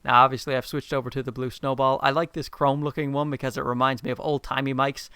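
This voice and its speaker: This nasal-voiced man, a tech reviewer hosting his own channel, talks quickly at a medium pitch with little pitch movement, his tone bright and forceful. He does a chatty, joking product review with frequent "uh" fillers and joking asides. The sound is smooth and echo-free, captured on a close USB condenser mic with a pop filter.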